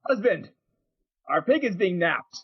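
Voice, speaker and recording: A man voicing a cranky old farm wife with a shotgun, shrill and exasperated. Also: sing-song, measured pace, slightly rough, muffled recording, full character voice. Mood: scolding.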